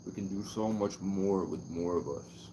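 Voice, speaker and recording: A man's voice: low-pitched, steady tone, moderate pace, warm tone, slight background noise. Rambling, profane livestreaming man. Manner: profane, erratic, swings between mystical musing and mock-angry rants. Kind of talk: rambling livestream chat with viewers.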